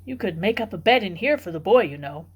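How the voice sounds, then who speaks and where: Storybook figure: a grave, soft-spoken male guardian of the dead, measured and unhurried, as a woman reader puts him on. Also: medium pitch, animated, slightly rough. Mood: calm.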